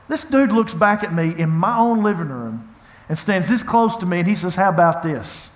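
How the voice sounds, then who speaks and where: A man's voice: high-pitched, a bit bright. A man preaching a sermon, telling a personal story in an earnest, conversational way. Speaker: pastor. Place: church hall. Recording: echoey church room.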